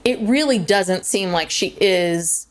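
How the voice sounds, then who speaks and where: A woman co-hosting a podcast in casual chat, blunt and animated, often acting out what others said. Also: mid-range voice, takes it slowly. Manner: blunt, animated, quotes people in voices. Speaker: podcast co-host.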